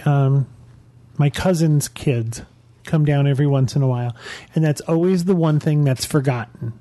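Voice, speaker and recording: A man's voice: a little high, warm tone. A man co-hosting a casual podcast, earnestly giving advice and repeating points for emphasis. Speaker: podcast co-host.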